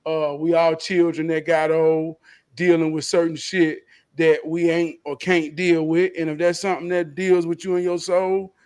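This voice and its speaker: Man, podcast host, calm and reflective, somewhat high voice. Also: moderate pace, clean tone. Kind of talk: reflective casual chat.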